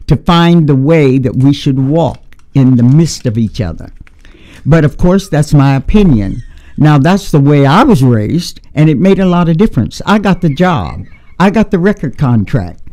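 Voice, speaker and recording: A man's voice: a little high, warm tone. A man hosting a talk radio conversation, speaking in an emphatic, preachy way and asking rhetorical questions. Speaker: radio show host.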